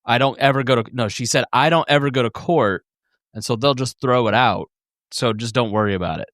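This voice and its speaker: A man co-hosting a podcast in a relaxed, easygoing chat, talking with lots of "like". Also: mid-range voice, fairly quick, dry recording. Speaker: podcast co-host. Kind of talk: casual chat.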